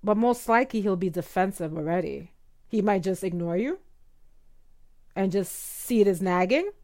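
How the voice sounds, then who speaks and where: A woman hosting a podcast as a speech coach, explaining and demonstrating softer ways of speaking with rising uptalk. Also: medium pitch, lively intonation, moderate pace. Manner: demonstrates tones, rising uptalk in quoted examples. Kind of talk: instructional podcast talk.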